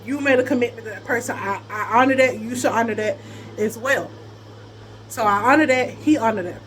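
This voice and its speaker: A young adult woman in casual storytelling chat, animated, often laughing and breaking into high squeals. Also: fairly quick, slight background noise. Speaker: vlogger telling a personal story.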